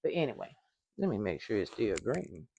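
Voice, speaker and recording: An older woman chatting casually to viewers while baking in her home kitchen. She hums along as she works and sometimes gets loud in the microphone. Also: a bass voice, very animated, moderate pace, vocal fry, very noisy. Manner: loud at times, apologizes for yelling into the mic. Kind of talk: casual cooking vlog.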